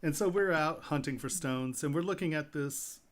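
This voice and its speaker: A middle-aged man, a jeweler, telling lively anecdotes in casual chat with fillers and laughs. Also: fairly high pitch, normal speed, crowd noise. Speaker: jeweler guest.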